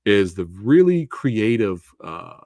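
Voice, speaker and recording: Low-voiced guy hosting a movie chat, voice bouncing all over, goes into silly high voices when quoting folks. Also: slow, dry recording. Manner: animated, jumps into high exaggerated quoted voices. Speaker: host of a movie review show. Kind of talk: casual live review chat.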